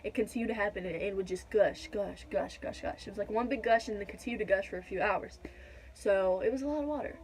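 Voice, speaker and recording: A woman's voice: mid-range voice, quick pace, a little mellow, low-quality recording. A young woman telling a personal story to her viewers in a chatty, direct way, filling gaps with "da da da.". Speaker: vlogger. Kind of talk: casual storytime.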